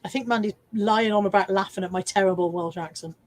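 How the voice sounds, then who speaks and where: A woman's voice: mid-range voice, fast. An English woman hosting a casual live stream from home, chatting and teasing herself as she reads out viewer comments.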